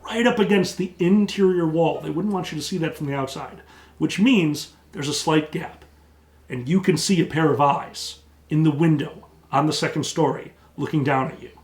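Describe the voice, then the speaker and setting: Tabletop game master, male, a touch high, deliberate storyteller, roomy echo. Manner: slows down for vivid descriptive narration.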